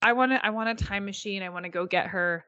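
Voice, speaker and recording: A woman's voice: medium pitch, quick pace, bright, forceful tone, dry recording. A woman co-hosting a casual podcast chat, ranting heatedly and swearing. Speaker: podcast co-host.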